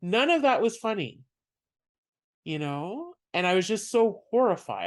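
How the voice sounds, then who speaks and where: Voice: mid-range voice, sing-song, unhurried. Chatty podcast host telling a story. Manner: chatty, storytelling, laughs often. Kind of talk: casual chat.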